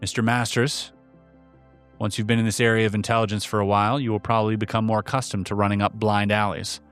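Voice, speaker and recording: A stiff, by-the-book captain, as a man acts him out speaks in careful, measured words. The voice is low, with faint music underneath. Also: level tone, fairly bright tone, clean tone, close to an everyday voice. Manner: measured, formal. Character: stiff, formal male military captain.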